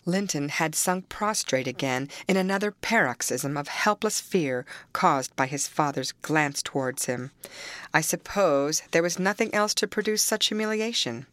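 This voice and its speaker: Woman, audiobook narrator, measured, composed, low voice, dry sound. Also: a bit bright, no room sound. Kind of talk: scripted narration of a classic novel.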